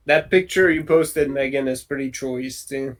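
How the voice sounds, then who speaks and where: A man as game master, narrating a tabletop game over a voice call in a relaxed way with many pauses and ums. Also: medium pitch, rough recording.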